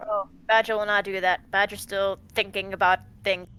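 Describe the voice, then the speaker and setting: A woman's voice: mid-range voice, little pitch movement, moderate pace, fairly bright tone, slight background noise. A woman playing a tabletop game, describing what her character does in the third person. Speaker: player. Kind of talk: casual tabletop game chat.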